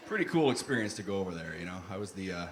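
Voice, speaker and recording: A man from Canada with a Northern Ontario accent doing animated stand-up comedy on a club stage. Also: sits low, racing. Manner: very animated, swaggering. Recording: live club, loud crowd and noise.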